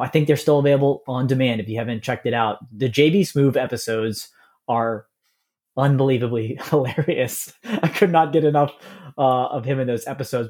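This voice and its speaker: Enthusiastic man in casual podcast chat. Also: mid-range voice. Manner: enthusiastic, relaxed, frequent "uh" fillers. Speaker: podcast co-host.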